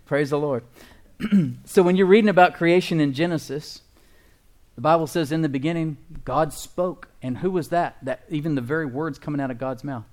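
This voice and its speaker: A man as a fervent pastor mid-sermon, somewhat high voice, keeps calling for amens. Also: normal speed, a little mellow. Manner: emphatic, calls out to the congregation.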